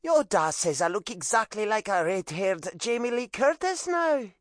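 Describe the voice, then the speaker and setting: A man voicing a loud, teasing Irish mother who runs a pub, with a shrill, strained timbre and a brash, theatrical manner. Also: big pitch swings, normal speed, no echo, clean studio sound.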